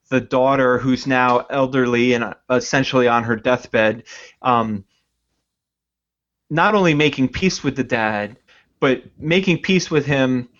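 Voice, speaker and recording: Male podcast co-host, thoughtful, picks his words slowly. Muffled lo-fi audio. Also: mid-range voice, a bit bright. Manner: reflective, searching for words. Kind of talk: casual movie review chat. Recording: dull lo-fi sound.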